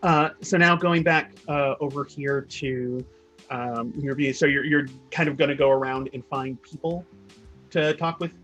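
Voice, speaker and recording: A man narrating as game master, halting often with fillers and restarts. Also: mid-range voice, fairly even intonation, a bit bright, soft background music, poor audio.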